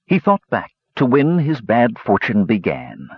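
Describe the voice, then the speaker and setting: A man reading a fantasy story aloud with expressive storybook narration. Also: mid-range voice, a little slow, slightly rough, dry recording. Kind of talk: audiobook narration. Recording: dull lo-fi recording.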